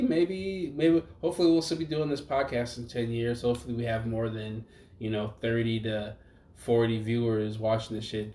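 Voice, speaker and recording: A man's voice: on the low side, darkish tone. A young man co-hosting a casual podcast, rambling and profane, trailing off mid-thought. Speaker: podcast co-host. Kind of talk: casual chat. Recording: echoey room, faint background noise.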